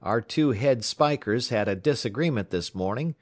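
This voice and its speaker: A man's voice: mid-range voice, animated, moderate pace, no echo, pitched above the performer's own voice, close to an everyday voice. A man voicing a worried male railroad timekeeper who talks urgently. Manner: urgent, pleading.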